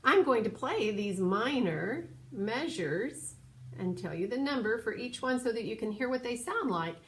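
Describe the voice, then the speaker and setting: A woman teaching a children's piano lesson, patient and clear, now and then singing solfege syllables. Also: a little high, animated, unhurried. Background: piano playing.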